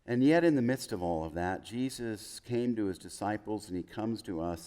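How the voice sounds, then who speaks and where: A man preaching a sermon as pastor in a chapel, building through emphatic lists and dropping to soft, hushed quotes. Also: fairly low pitch, expressive, moderate pace, hardly any pauses.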